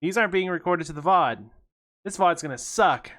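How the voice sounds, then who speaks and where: A man's voice: sits high, expressive, normal speed, a bit bright. A man streaming a game, swearing and making sarcastic asides as he plays. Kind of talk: casual game stream commentary. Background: faint game music.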